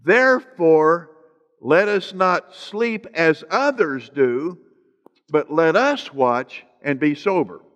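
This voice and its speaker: Slow-preaching man with a higher voice. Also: lively intonation, fairly bright tone, dull audio. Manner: slow, drawn-out emphasis on scripture phrases; joking asides to the congregation. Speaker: pastor. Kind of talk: sermon. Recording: long hall reverb.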